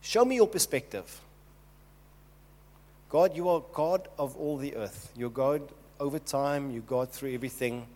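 A man's voice: mid-range voice, unhurried, a little mellow, close to an everyday voice. A preacher voicing a pleading, desperate King David. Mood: urgent. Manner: urgent, pleading, repeatedly calling on God. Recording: long hall reverb.

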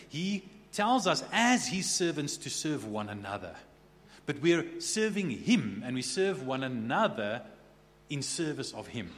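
A man preaching a sermon in a conversational way, often restarting words and checking in with the listeners. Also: medium pitch. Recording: echoey hall with faint hum.

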